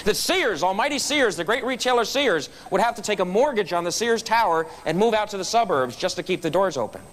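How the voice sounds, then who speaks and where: High-voiced man telling a funny story. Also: expressive, a little fast, a bit bright, a little hiss or hum. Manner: storytelling with punchlines. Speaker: guest speaker at a club meeting. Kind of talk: humorous motivational speech. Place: meeting room.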